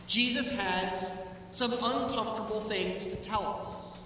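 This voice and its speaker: A high-pitched, bright-toned man preaches a lively sermon, acting out the quoted voices as he goes. He sounds a little far from the mic, and his voice rings through a church with a long reverb tail. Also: takes it slowly, a little hiss or hum. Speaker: pastor. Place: church sanctuary. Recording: echoey church hall, heard from a distance.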